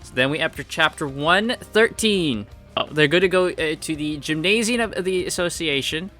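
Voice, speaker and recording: Male reviewer, bright edge, loose chatty delivery full of fillers. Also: fairly high pitch, expressive, normal speed, faint music behind. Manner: chatty and rambling, full of "like" and "you know". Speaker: manhwa reviewer. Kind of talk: casual chapter recap.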